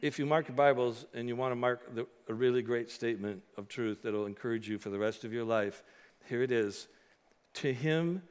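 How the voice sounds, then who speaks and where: Male pastor, sermon, emphatic then hushed, mid-pitched voice, long reverb of a church hall. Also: fairly even intonation, normal speed, clean tone. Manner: swells from loud emphatic preaching to soft earnest appeal. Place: church sanctuary.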